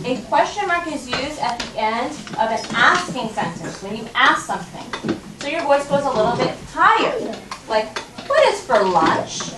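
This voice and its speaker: A high-voiced woman leads a first-grade reading lesson, patient and coaxing, checking in with the class. She is recorded from a distance in an echoey classroom, with noise in the recording. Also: animated, normal speed. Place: elementary school classroom. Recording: roomy classroom recorded from afar, noisy.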